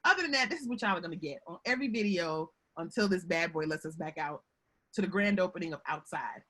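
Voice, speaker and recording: A woman giving a lively, chatty webinar talk over a video call from home, often calling her audience y'all. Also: on the low side, fast talker. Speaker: guest speaker on workplace relationships.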